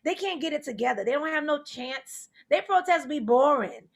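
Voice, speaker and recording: Woman, New Orleans accent, comedy host, high pitch, animated, laughing through jokes. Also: moderate pace, creaky. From New Orleans, Louisiana. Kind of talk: stand-up comedy hosting.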